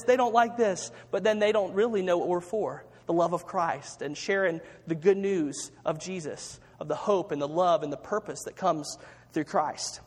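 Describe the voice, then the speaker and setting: A man's voice: high voice, long reverb tail. A man preaching a chatty sermon, drawing the congregation into call-and-response, with plenty of ums and restarts. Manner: chatty, with audience call-and-response and frequent fillers. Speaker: pastor. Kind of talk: conversational sermon.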